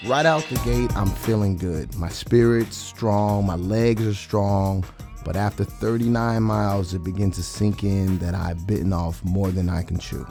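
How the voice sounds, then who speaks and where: A man's voice: fairly low pitch, unhurried. A man running a long charity run, talking casually and earnestly to his camera over background music. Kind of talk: casual vlog talk.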